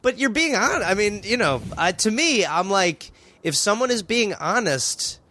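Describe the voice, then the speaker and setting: A man's voice: high voice, animated, measured pace, pushed and bright. A man guest on a comedy podcast, chatting casually and musing aloud, agreeing often. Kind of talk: casual chat.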